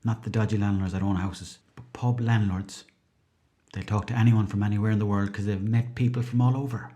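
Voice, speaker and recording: A man's voice: fairly low pitch, steady tone, fast, dark tone. A man with an Irish accent hosting a comedy podcast in a rambling, chatty, self-mocking monologue. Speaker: podcast host.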